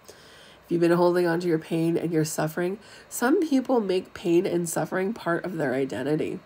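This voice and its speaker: A middle-aged woman leads a live spiritual talk, chatting frankly with her viewers. Her voice sits a little low and carries a husky edge. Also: normal speed, low-quality recording. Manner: chatty, frank, animated teaching with asides to viewers. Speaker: spiritual teacher.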